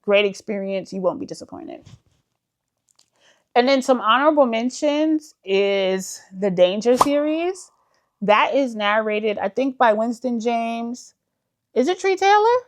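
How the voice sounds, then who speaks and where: A woman's voice: fairly high pitch, measured pace. Chatty woman book vlogger. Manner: chatty, enthusiastic, uses many fillers like "like"; addresses viewers as "y'all". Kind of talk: casual chat.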